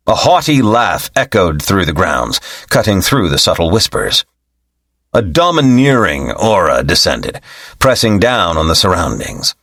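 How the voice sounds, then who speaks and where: A man with a low, lively voice reads an audiobook in an expressive storytelling style. The close mic gives a dry sound with no room. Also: dry recording. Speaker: audiobook narrator. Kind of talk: scripted narration.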